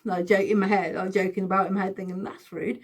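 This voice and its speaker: A woman in her thirties, telling a storytime vlog in an excitable, giggly, chatty way. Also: medium pitch, quick pace. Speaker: vlogger. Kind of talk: casual storytime.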